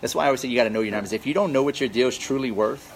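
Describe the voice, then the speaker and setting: A man coaches real estate wholesalers during a live Q&A with viewers, racing along at a medium pitch with vocal fry. He's energetic and keeps repeating his key points for emphasis. The recording is rough, with slight background noise.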